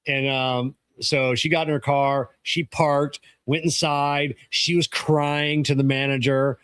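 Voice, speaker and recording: A man spins a long story from his repair shop, starting sentences over and over and swearing freely. His voice sits at an ordinary middle pitch. The sound is close and dry, with no room around it. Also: flat delivery, takes it slowly, a bit bright, clean tone, no room sound. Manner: rambling, restarts, casual swearing. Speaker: podcast co-host; auto technician. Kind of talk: casual storytelling chat.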